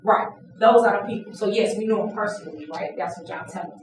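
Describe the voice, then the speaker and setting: A woman trainer leading an interactive classroom lesson, lively and playful, acting out examples. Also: mid-range voice, quick pace, slight background noise. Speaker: workshop trainer. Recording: echoey room from a distance.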